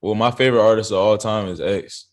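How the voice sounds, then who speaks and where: A man's voice: lowish voice, fairly even intonation, quick pace, a little mellow. A young man from South Carolina, a rapper, telling his story in a loose, slangy, laid-back way as an interview guest. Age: young adult. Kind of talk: casual interview chat. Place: interview studio.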